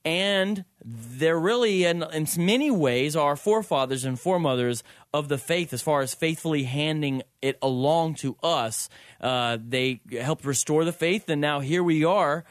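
Guy co-hosting talk radio, fairly high voice, earnest and quick, dry studio mic. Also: dry recording. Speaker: guest co-host. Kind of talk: radio talk show discussion.

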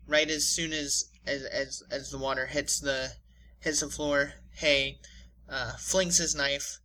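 A man's voice: on the high side, fairly even intonation, slow, bright, forceful tone, slight background noise, rough recording. A man co-hosting a podcast, casually narrating an imagined fight with many fillers and restarts. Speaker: podcast co-host.

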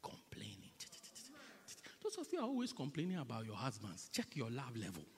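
Dramatic preacher man, booming to whispering. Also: wildly swooping pitch, fast talker, darkish tone. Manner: repeats and drags out words for effect. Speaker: pastor. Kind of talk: sermon. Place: church. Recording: echoey church hall.

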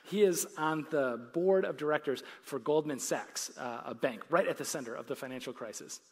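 Speaking at a normal pace, a man with a slightly high, gravelly, husky voice preaches from a church stage to a live audience. His conversational sermon mixes in plenty of laughter and climbs to forceful points.

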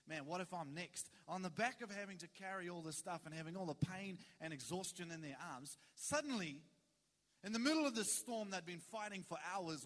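Animated high-voiced male preacher, reverberant hall. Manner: animated, conversational preaching with dramatic pauses. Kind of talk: sermon. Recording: long reverb of a large hall.

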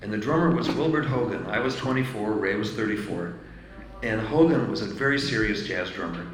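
Older man with a low voice, roomy sound. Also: lively intonation, a crowd in the background. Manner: measured storyteller building to a punchline. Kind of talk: anecdote told in conversation. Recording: roomy echo with faint noise.

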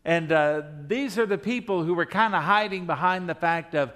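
A man's voice: high-pitched, moderate pace, few pauses, a bit bright. A male pastor preaching a sermon in a conversational way, asking the congregation rhetorical questions and speaking in the imagined voices of the people.

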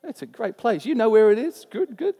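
High-voiced preacher telling a story. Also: male voice, a little fast, husky, long reverb tail. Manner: animated storytelling, laughs at himself. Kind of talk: sermon with personal story.

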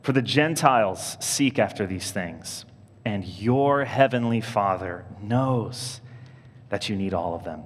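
A man preaching as a priest, telling stories in a lively, animated way and leaping up in pitch when he mimics other people. His own voice sits fairly low. The sound rings with a long reverb from the church around him. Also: slow. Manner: animated storytelling, jumping high when quoting others. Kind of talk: sermon.

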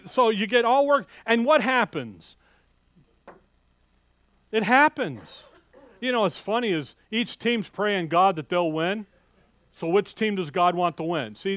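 A man preaching a conversational sermon, animated and folksy, with joking asides to his congregation. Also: high-pitched, no room sound. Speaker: pastor.

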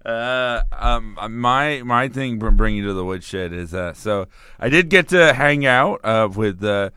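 A man co-hosting a casual podcast chat, making quick wisecracks and laughing often. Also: mid-range voice, animated, sharp tone, smooth, dry recording.

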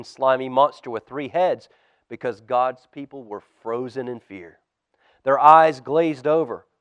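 A pastor reads a storybook aloud to children at a church service, animated and dropping to a hush for suspense. His voice is medium-pitched, with no echo.

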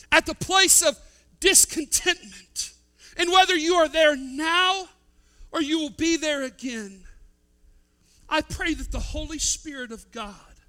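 High, bright-voiced preacher man. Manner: dynamic preaching, swinging from loud to hushed. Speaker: pastor. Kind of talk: sermon.

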